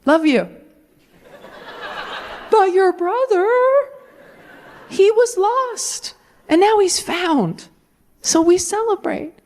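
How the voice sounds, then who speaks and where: A woman's voice: very high voice, animated, very slow, pauses often, darkish tone, voice pushed up, heavily acted. A woman comedian voicing a doting, indulgent rich father in a stand-up bit, gushing and breezy.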